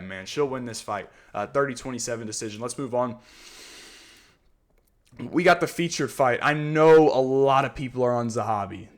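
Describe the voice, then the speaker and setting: Brief: male host, casual fight picks, heated rant-prone delivery, mid-pitch voice. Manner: heated, ranting, repeats "man" and "you know what I mean". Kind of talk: casual fight breakdown monologue.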